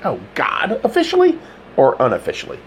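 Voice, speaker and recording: A man's voice: on the high side, huge pitch swings, fairly quick, slight background noise, pitched above the performer's own voice. A man narrating an audiobook voices a bossy, impatient middle-aged woman on the phone.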